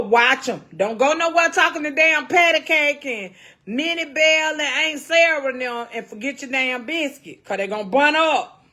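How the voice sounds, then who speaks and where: A woman's voice: high voice, a bit bright, a little hiss or hum. A middle-aged woman hosting a casual cooking livestream, folksy and salty, calling her viewers baby and honey.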